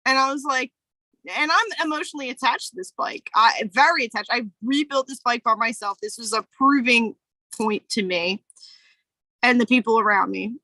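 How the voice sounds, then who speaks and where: A woman with a bright, forceful voice, pitched a little high, talks casually on a podcast. Her storytelling is candid and emotional, full of fillers, and her sound is dry and close. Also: moderate pace, no echo, poor audio. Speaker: podcast co-host. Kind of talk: casual chat.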